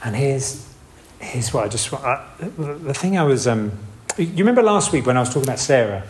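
A man's voice: mid-range voice, very animated, a little fast, a little mellow, slight background noise. A man giving a casual, rambling sermon. He restarts often and makes asides. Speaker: preacher. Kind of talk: informal sermon.

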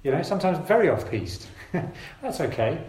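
A man preaching a sermon to his congregation, earnest and gentle, urging his listeners with repeated phrases. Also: on the high side, sing-song, normal speed, reverberant, poor audio.

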